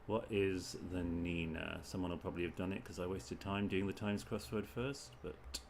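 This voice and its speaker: A man's voice: low-pitched, fairly even intonation, normal speed, creaky, slight background noise. A man from the UK, a streamer thinking aloud as he solves crossword clues in short muttered bursts. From United Kingdom. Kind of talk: thinking aloud while solving.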